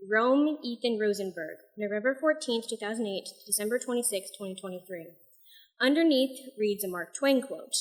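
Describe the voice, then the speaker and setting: A young woman with a voice on the high side reads her own poetry and a section of her novel at an open mic night. Between pieces she's soft-spoken and mildly self-deprecating.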